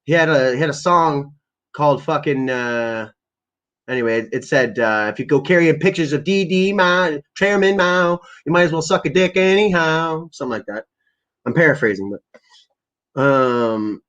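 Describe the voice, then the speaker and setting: A man from Canada ranting casually and profanely to his live chat as a stream host, rambling and heated. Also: medium pitch. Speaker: livestream host.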